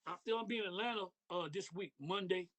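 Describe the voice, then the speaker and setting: A man's voice: high-pitched, quick pace, a crowd in the background. A middle-aged man from Detroit, a podcast guest in casual interview chat, talking loosely in street slang with lots of "you know what I mean".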